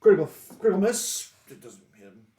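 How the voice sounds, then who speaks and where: A man playing a tabletop game, animated and playful, with frequent fillers. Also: high voice, a little fast, very noisy. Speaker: player. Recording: echoey room.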